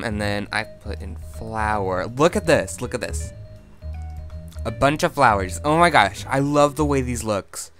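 A man talks through his game in a loose, rambling way, his ordinary mid-range voice jumping into high squeals whenever something startles him. Quiet music plays faintly behind his commentary. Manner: chatty, excitable, squeals high when startled. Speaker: gaming video host. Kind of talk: casual gameplay commentary.

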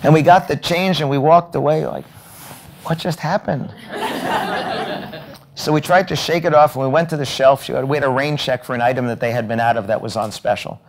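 A man's voice: medium pitch, quick pace, few pauses. A man giving a storytelling keynote talk at a hotel event, acting out the lines of each person in his anecdotes. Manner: animated, acts out dialogue in anecdotes. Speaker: keynote speaker.

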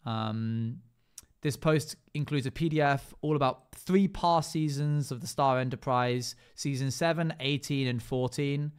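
Smooth-voiced male streamer rattling off lists. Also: mid-range voice, a little slow. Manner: rattles off long lists with many fillers. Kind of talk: casual live-stream chat while gaming.

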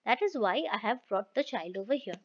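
A woman's voice: mid-range voice, expressive, brisk, pitched below the performer's own voice, lightly acted. Brief: woman voicing a patient, firm working man, dull recording. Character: steady, kind-hearted village wheelwright, adult man.

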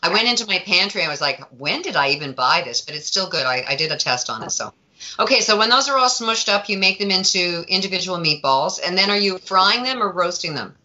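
A woman's voice: lowish voice, lively intonation, fast talker, bright, forceful tone, lo-fi sound. A woman from Vancouver co-hosting a cooking segment, chatty and joking, asking many questions. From Vancouver, Canada. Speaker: co-host. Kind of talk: casual chat.

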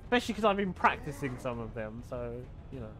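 A man's voice: mid-range voice, sing-song, fast, fairly bright tone, soft background music. A man streaming a video game, chatting casually with viewers, swearing freely and laughing often. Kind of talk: casual gaming stream chat.

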